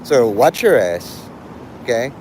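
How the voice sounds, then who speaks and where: A man's voice: medium pitch, big pitch swings, takes it slowly, darkish tone, slight background noise. A man streaming live and talking with his chat in a provocative, profane, rambling way. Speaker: livestreamer. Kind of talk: casual livestream chat with viewers.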